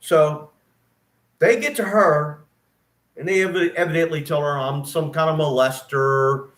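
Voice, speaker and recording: Middle-aged man, emphatic aggrieved storytelling, fairly high voice, echoey room. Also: a little slow, fairly bright tone. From East Texas. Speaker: vlogger, former nurse. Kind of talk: casual spoken storytelling.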